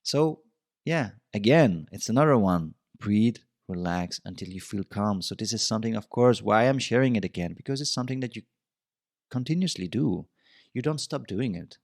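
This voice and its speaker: A man's voice: lowish voice, lively intonation, normal speed, darkish tone, no echo, studio quality. A man hosting a podcast, giving relationship advice in a reflective, casual monologue and often repeating himself. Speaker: podcast host.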